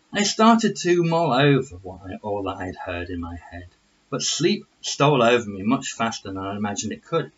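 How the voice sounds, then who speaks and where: A man reading aloud his own fantasy short story in the first person, with halting slips and restarts. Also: mid-range voice, slightly rough, lo-fi sound. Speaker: amateur reader of his own stories.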